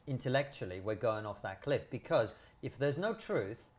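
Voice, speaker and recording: A man's voice: medium pitch, lively intonation, moderate pace. Firm male guest making his point. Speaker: podcast guest. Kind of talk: conversational argument.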